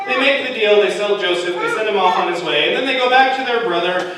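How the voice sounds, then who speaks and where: A man preaching a sermon, telling a Bible story in a casual, joking way with quick asides. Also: high-pitched. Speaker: pastor. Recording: echoey room, far from the mic, noisy.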